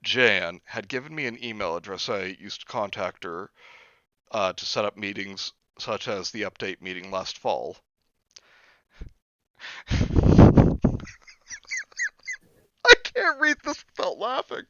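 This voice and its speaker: A man's voice: fairly low pitch, moderate pace, sharp tone, no room sound, muffled recording. A young man hosting a stream, reading a book aloud with sarcastic asides and laughter. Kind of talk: comedic read-through with commentary.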